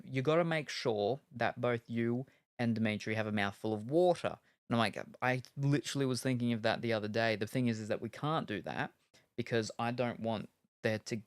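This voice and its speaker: A man's voice: medium pitch, dry recording, studio quality. A male streamer in casual chat while gaming, rambling and joking with lots of ums and uhs. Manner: rambling and jokey, with many fillers.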